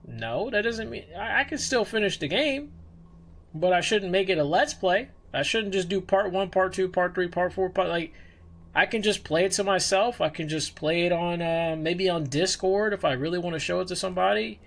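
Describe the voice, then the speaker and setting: A man's voice: high voice, moderate pace, gravelly. A young man chatting casually on his livestream as a VTuber, rambling and conversational. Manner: rambling, conversational, with frequent restarts and fillers. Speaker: VTuber streamer.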